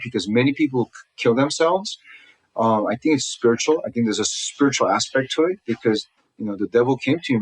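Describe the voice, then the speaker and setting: A man sits for an interview and tells his story at a rush. He stumbles into restarts and slips into the voices of people he quotes. His pitch sits in the middle range. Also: rough recording. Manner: fast, earnest retelling full of restarts, acting out quotes. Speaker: guest telling his life story. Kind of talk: personal storytelling in a conversation. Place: lives in Southern California.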